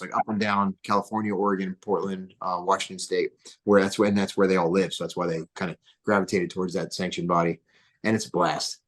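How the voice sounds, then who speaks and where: Podcast guest, man, lowish voice, excitable rambler full of fillers. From New Jersey. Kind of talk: casual interview storytelling.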